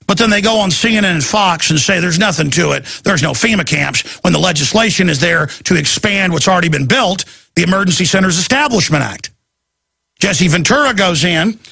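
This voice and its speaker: A male radio host delivers an urgent, emphatic rant in a raspy, gravelly voice. His tone is bright and forceful, pitched a little high for a man. The mic is dry and close, with faint music underneath. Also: dry recording. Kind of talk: impassioned talk radio monologue.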